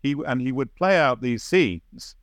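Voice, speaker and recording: A man's voice: medium pitch, expressive, a little slow, no echo, studio quality. A man being interviewed as the author of a biography, answering reflectively and sometimes searching for the right word.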